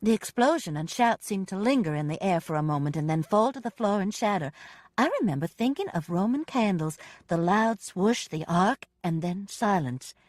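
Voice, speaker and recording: A woman narrating a first-person audiobook with expressive, dramatic storytelling. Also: medium pitch, normal speed, no echo, clean studio sound.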